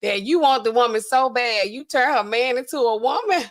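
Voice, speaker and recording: Woman, fairly high voice, casual livestream commentary, animated, laughing, acts out quotes. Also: moderate pace. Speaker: pharmacist livestream host.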